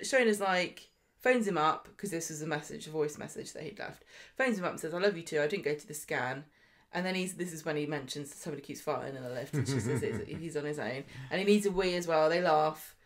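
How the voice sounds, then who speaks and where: A woman's voice: low voice, fairly quick. A woman co-hosting a podcast, recapping soap episodes in casual chat and slipping into character voices. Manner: chatty, mimics characters in voices while retelling. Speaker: podcast co-host.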